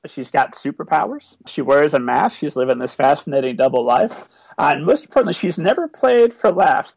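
A man, an author, answering interview questions about a children's book with eager, animated talk. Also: fairly high pitch, a little fast, creaky, slightly rough, dry recording, low-quality recording. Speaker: author and podcast guest.

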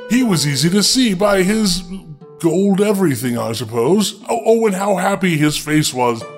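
A man reads a fairy tale aloud for laughs, often stopping for sardonic asides to his listeners. His voice sits high, with faint music playing quietly underneath. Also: expressive, normal speed. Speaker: storyteller. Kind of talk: comedic fairy tale reading.

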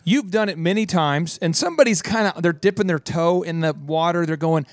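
A man's voice: a little high, a little fast, no room sound. A man hosting a radio show, bantering playfully and joking with sound effects.

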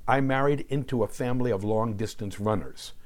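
A man's voice: mid-range voice, a little fast. A man in his sixties from New Jersey, a show host delivering scripted narration with a wry, sardonic storytelling manner. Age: 60s. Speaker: podcast host.

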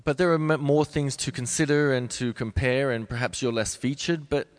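A man in his forties, a ballet dancer being interviewed, who talks thoughtfully with many pauses and restarts. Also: mid-range voice, steady tone. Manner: thoughtful, halting, many restarts and soft laughs. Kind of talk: reflective interview conversation.

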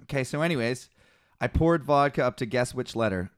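A young man in easygoing conversation, spinning loose anecdotes with plenty of profanity. His voice sits in a middle pitch. He laughs at himself as he goes. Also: fairly quick, clean tone, no echo, studio quality. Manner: swearing, animated storytelling with laughs. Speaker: co-host. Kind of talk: casual chat.

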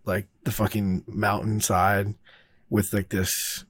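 Chill guy rambling thru a shoot story, kinda low voice, lots of "like" and cussing, dry close sound. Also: flat delivery, takes it slowly, husky, dry recording. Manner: rambling, laid-back, heavy on fillers and swearing. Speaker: filmmaker telling a production story. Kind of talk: casual storytelling.

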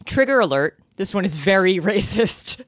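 A woman's voice: medium pitch, lively intonation, normal speed, no room sound, studio quality. A woman co-hosting a casual chat, playful and laughing often as she quizzes her partner. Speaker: podcast co-host.

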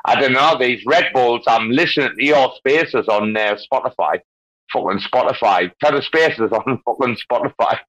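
As a guest in an online crypto audio space, a man trades rowdy, rambling, sweary banter. His voice is medium-pitched and fairly bright at a normal speed, heard through muffled lo-fi call audio.

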